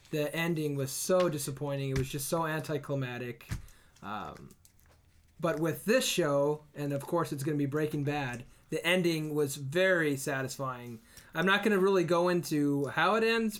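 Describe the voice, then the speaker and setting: A man co-hosting a podcast, talking casually and with enthusiasm about a favorite TV show. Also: on the high side. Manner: enthusiastic, emphatic praise. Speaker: podcast co-host. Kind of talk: casual chat.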